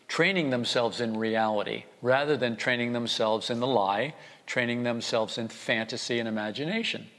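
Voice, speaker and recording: A man's voice: medium pitch, fairly bright tone. A man preaching a conversational, wry sermon, often acting out the voices he quotes. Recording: long reverb.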